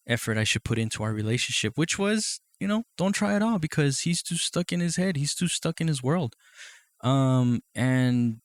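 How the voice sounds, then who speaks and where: A man's voice: medium pitch, no room sound. Casual, rambling podcast host man. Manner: profane, rambling, leans on "you know what I mean"; laughs often between thoughts. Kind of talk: casual monologue.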